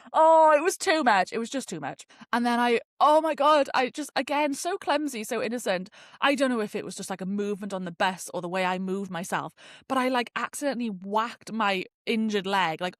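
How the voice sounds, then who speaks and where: A woman's voice: fairly high pitch, no echo. Chatty young British woman, dry sound. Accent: British English. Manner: chatty and animated, full of fillers and swearing. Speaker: podcast host. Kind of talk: casual storytelling.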